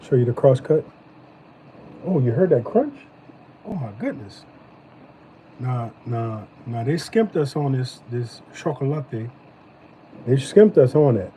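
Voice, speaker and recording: A man hosting a live stream, chatting casually as he reviews snacks, animated and slangy. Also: medium pitch, unhurried, pauses often, slight background noise, low-quality recording. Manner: animated, loose slangy talk.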